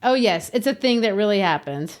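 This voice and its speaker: A woman's voice: medium pitch, lively intonation, fairly quick. A woman who teaches, co-hosting a podcast in a casual, explanatory way and tapping out rhythms as she explains.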